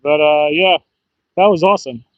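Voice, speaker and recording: High-pitched guy chatting on a fishing livestream outside, dry muffled sound, gets excited easy. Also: moderate pace, no room sound. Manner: excitable, chatty, bursts into whoops and laughs. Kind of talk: casual live-stream chat. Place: outdoors by the water.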